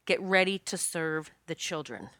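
A woman's voice: deep voice, expressive, measured pace, fairly bright tone, no room sound, studio quality. A woman telling a personal story in a candid, casual way, laughing often and swearing freely.

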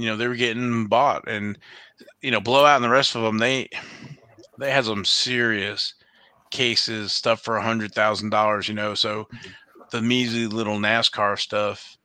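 A man's voice: fairly low pitch, pushed and bright, dry recording. A man in casual chat, rambling with many fillers and acting out what others said. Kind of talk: casual chat about trading cards.

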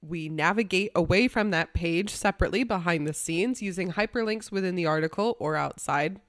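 A woman's voice: lowish voice, brisk. A woman hosting a casual podcast, talking over a remote call and laughing often. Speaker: podcast host. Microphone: remote call mic.

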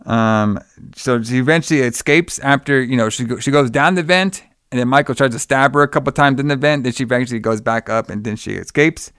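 A man's voice: medium pitch, a little fast, fairly bright tone, smooth, dry recording, clean studio sound. A man casually retelling a film's plot with lots of fillers and swearing. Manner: loose, profane retelling with many fillers. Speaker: podcast co-host recapping a film. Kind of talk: casual chat.

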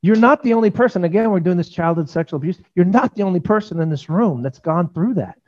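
A man's voice: high voice, animated, fast talker, darkish tone, dull audio. A man preaching a sermon in a church, earnest and conversational, acting out quotes from his listeners and stories. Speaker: pastor. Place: church sanctuary.

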